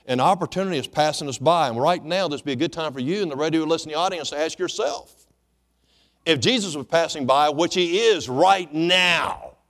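A man's voice: on the high side, moderate pace. Preaching man in a reverberant church. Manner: animated preaching, swinging between loud and hushed. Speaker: pastor. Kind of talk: sermon. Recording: long hall reverb.

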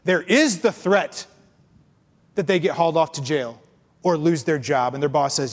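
A man preaching a sermon as pastor, animated, acting out complainers in mocking voices. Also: fairly high pitch, normal speed, long pauses, long reverb tail. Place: church.

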